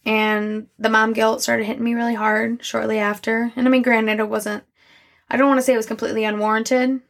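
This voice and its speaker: Candid young mom with a gravelly edge. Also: female voice, fairly high pitch, flat delivery, a bit bright. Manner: candid, halting, many restarts and "like" fillers. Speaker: podcast host. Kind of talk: personal reflective monologue.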